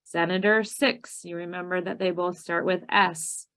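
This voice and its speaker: A woman with a Minnesotan accent, giving a teacher training session and explaining her methods, slowing down to stress key words. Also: on the low side, monotone, fairly bright tone, clean tone, poor audio.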